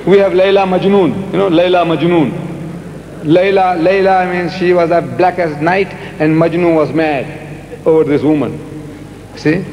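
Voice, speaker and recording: A high-voiced man lectures an audience in a large hall, hammering points home with emphatic repetition. His voice rings with a long, echoing reverb. A faint hiss runs under this archive recording. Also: lo-fi sound. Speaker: lecturer answering audience questions. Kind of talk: public lecture Q&A.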